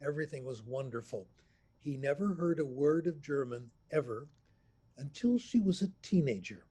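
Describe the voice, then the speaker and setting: A man in his eighties, a language professor telling anecdotes in an unhurried, storytelling way on a remote video call. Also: a little high, animated, mellow, breathy edge. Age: 80s. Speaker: language professor, interview guest. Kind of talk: storytelling interview answer. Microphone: computer mic on a video call.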